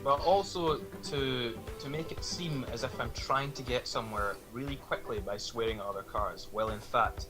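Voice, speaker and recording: A man giving a halting, mock-formal job pitch in a party game. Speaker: player. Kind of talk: casual game chat. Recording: music behind the voice. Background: music.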